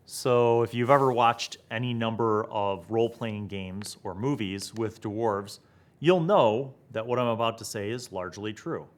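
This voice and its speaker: A young man hosting a tabletop gaming talk video, thinking aloud with excitement and asking rhetorical questions. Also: on the low side, a little slow. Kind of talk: animated solo talk to camera.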